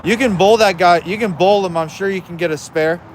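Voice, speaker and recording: A livestream host chats casually and bluntly with viewers from outside next to his smoker, cursing freely. He talks a little fast in a high-sitting voice, and there's a little hiss or hum.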